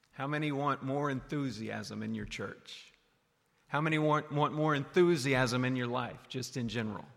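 A man preaching a sermon, animated, swinging from loud calls down to low, quiet lines. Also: gravelly. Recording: long hall reverb.

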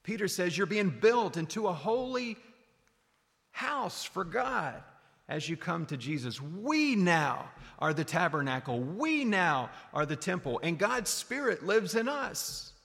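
A man preaching a sermon, animated, swinging from loud calls down to low, quiet lines. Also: unhurried, gravelly. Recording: long hall reverb.

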